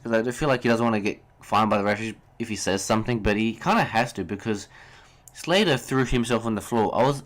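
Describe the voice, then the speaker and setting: A young man hosting a solo sports podcast, ranting heatedly about referees, swearing and then apologizing. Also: medium pitch. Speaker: podcast host.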